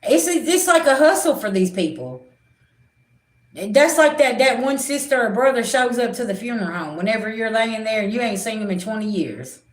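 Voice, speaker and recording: A woman's voice: on the high side, lively intonation, normal speed, echoey room. A middle-aged woman, a spiritual reader, talking bluntly and animatedly in a casual livestream chat, swearing freely.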